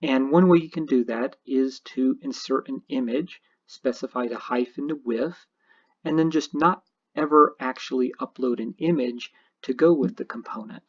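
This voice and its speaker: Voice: mid-range voice, normal speed. A programming teacher narrating a screencast tutorial, explaining each step methodically. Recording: dull lo-fi screen recording.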